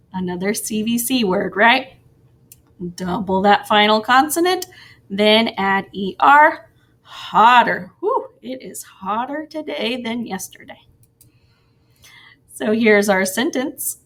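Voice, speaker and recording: Using a mid-range voice, a female teacher walks young children through grammar in a recording. Her pace is slow and her tone sing-song, with quiet encouraging asides.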